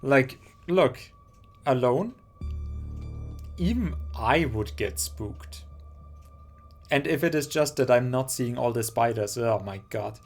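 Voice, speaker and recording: A man streaming a narrative game, reading its narration aloud and reacting with animated, joking comments. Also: mid-range voice, slow pace, long pauses, faint music behind.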